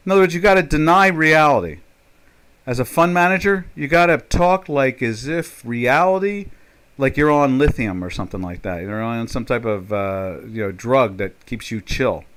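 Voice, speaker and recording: A man's voice: mid-range voice, animated, moderate pace, a bit bright, clear, resonant tone. An older man chatting casually as a trader on a live stream, rambling and joking, with many fillers and restarts. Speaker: trader hosting a live chat.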